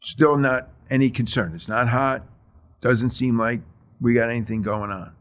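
A middle-aged firefighter calmly walks through what happened on a fire call, one step after another. His voice sits at an ordinary pitch for a man. He talks in a plain, measured way and drops in plenty of ums and uhs. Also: clean tone. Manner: plain, measured retelling with many fillers. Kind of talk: interview storytelling.

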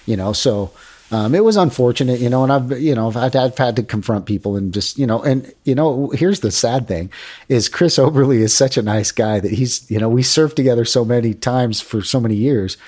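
A man's voice: medium pitch, brisk. A man talking casually about surfing, rambling and acting out the voices of people in his stories. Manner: rambling, animated, acts out quoted voices. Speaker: surfer guest. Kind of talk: casual chat.

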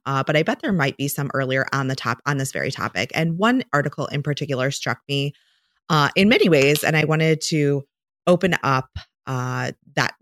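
Low-voiced chatty woman podcaster. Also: fairly bright tone, dry recording, clean studio sound. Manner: chatty, rambling with fillers and restarts. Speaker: podcast co-host; dietitian. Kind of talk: casual chat.

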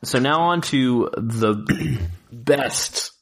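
A man co-hosting a casual podcast, excitable, swearing freely and laughing often. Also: medium pitch, extremely slow, gravelly. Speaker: podcast co-host reviewing films. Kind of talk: casual chat.

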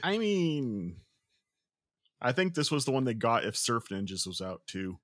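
A man in podcast banter who needles his friends with deadpan jokes. His voice sits at a middle pitch. The sound is close and dry, with no room echo. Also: a little slow. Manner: teasing, ribbing the others with dry jokes. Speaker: podcast co-host. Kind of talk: casual podcast chat.

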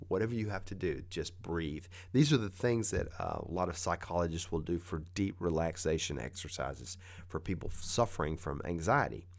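Low-voiced man coaching calmly. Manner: conversational, coaching tone with repetition. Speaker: speaker giving advice. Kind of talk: motivational talk.

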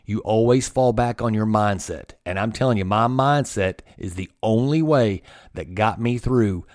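A man with a fairly low voice tells a personal story as a motivational podcast host. He speaks earnestly and with emphasis, often repeating himself to drive a point home. The sound is dry and close, with little room around it. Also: normal speed, a little mellow, dry recording.

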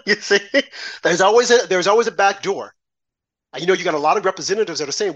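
A man's voice: high-pitched, fast talker, long pauses, a bit bright. A man co-hosting a political commentary show, ranting with pointed rhetorical questions. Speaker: co-host.

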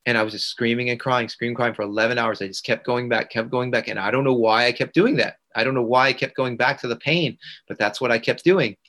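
Speaking fast with hardly any pauses, this man has a medium pitch, a sharp tone and fairly even intonation. He's an integration coach on a podcast, earnestly telling a personal story and repeating phrases for emphasis.

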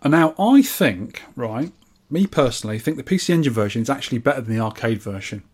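A man's voice: mid-range voice, lively intonation, fast, darkish tone. A man co-hosting a podcast, reading listener scores aloud and chatting casually. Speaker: podcast co-host. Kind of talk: casual chat.

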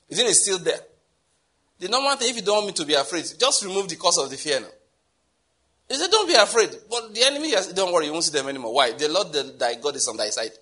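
A man's voice: fairly high pitch, pushed and bright, breathy edge. A Nigerian man preaching a sermon as pastor, in a conversational way with repeated words and chuckles.

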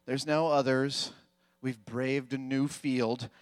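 On stage at a fan convention, a male guest tells playful stories to a live audience, joking in quick bursts. His medium-pitched voice is smooth with fairly even intonation, and the hall is reverberant.

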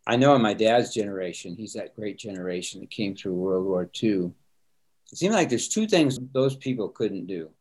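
A man's voice: lowish voice, lively intonation, moderate pace, darkish tone. A middle-aged man, a pastor, speaking earnestly and reflectively in a conversation, often repeating words as he starts sentences. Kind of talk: conversational interview answers.

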